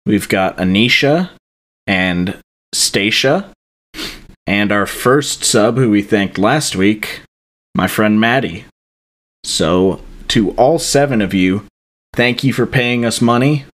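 A man's voice: lowish voice, slow, fairly bright tone. A young man hosting a podcast, reading thank-yous in an offhand, joking way with many fillers. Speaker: podcast host. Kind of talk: casual podcast chat.

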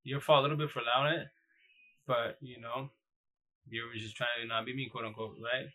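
A man's voice: medium pitch, flat delivery, fairly quick, bright, forceful tone, poor audio. A man hosting a casual live stream, talking bluntly in loose slang with many restarts. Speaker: live-stream host giving dating advice. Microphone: phone or computer mic on a live stream.

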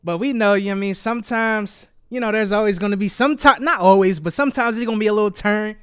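High-voiced man hosting a podcast. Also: fast talker, clean tone, no room sound, clean studio sound. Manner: animated storytelling with acted-out quotes. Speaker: podcast host. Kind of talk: casual solo podcast monologue.

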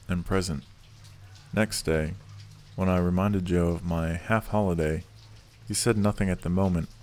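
A man narrates a classic novel in a very deep voice. His reading is slow and measured, steady from line to line. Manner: measured, unhurried storytelling. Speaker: audiobook narrator.

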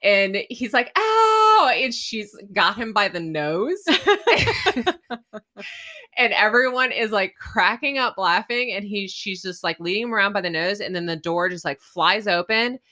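A woman podcast co-host telling a story in a chatty, animated way, often laughing. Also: mid-range voice, a little slow. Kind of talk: casual storytelling.

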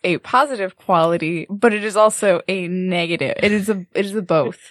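A woman playing her character in a tabletop role-playing game, quick and joking. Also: on the low side, no echo. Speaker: player. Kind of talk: casual tabletop role-play.

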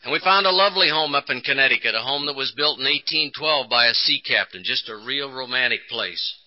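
A man's voice: mid-range voice, expressive. Older-sounding man telling his story on a dull tape. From Texas. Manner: storytelling with rising emphasis and dramatic pauses. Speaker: recovery conference speaker. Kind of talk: personal testimony talk. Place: conference hall.

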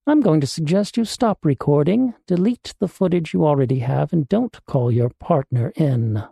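A man voicing a calm, calculating male black-market doctor in a storybook reading, with a fairly high but mellow voice. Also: moderate pace, vocal fry, slightly rough, no echo, studio quality, exaggerated voice. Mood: calm menace. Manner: calm, calculating, matter-of-fact.

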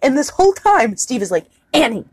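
A woman co-hosting a podcast, retelling a film scene in a casual, profane, animated way. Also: medium pitch, measured pace, slightly rough. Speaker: podcast co-host. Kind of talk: casual movie recap chat.

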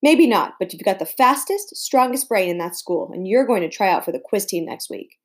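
A woman voicing a bossy but encouraging adult tutor in a novel read aloud, talking firmly and briskly. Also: mid-range voice, expressive, close to an everyday voice. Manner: brisk, firm and upbeat.

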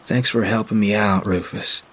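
A man voicing a weary, guilt-ridden grown man who speaks sadly with a halting, breaking voice. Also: fairly low pitch, fairly even intonation, a bit bright. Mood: gentle.

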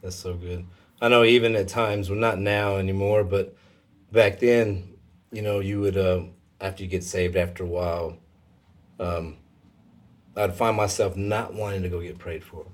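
A man telling a personal faith story in a casual conversation, emotional and halting, with many fillers. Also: deep voice, fairly even intonation.

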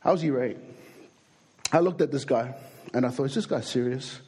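A young adult man with an Australian accent preaching a sermon, an animated, jokey storyteller who acts out the people in his stories. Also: medium pitch, normal speed, breathy edge.

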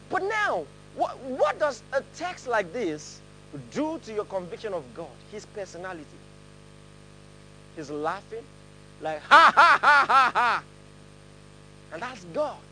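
A man's voice: high-pitched, slight background noise, low-quality recording. A man preaching a sermon, laughing often and leading his congregation in reading aloud together. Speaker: pastor. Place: church hall with a congregation.

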